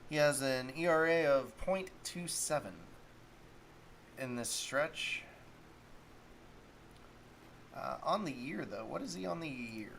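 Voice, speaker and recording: A man's voice: medium pitch, a little slow, creaky, fairly bright tone, slight background noise. A man hosting a solo sports talk stream, rambling casually and thinking aloud while he looks up stats. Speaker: sports talk show host.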